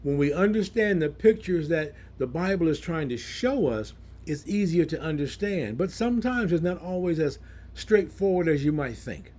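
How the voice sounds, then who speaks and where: Animated high-voiced male preacher. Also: normal speed. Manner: explains scripture verse by verse in plain words. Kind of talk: Bible teaching sermon.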